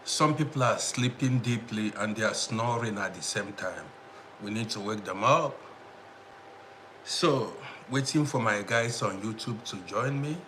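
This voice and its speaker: A man's voice: on the low side, a little slow, sharp tone, a little hiss or hum. A man hosting a casual live stream, greeting viewers by name and repeating himself as he talks to the audience. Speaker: livestream host.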